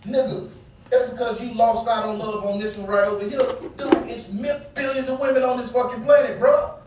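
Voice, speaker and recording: Recorded far from the microphone in a heavily echoing room with a faint background hum, a man with a very high, steady voice speaks at normal speed. He is angry, swearing as he lectures his listeners about relationships in a casual, heated rant.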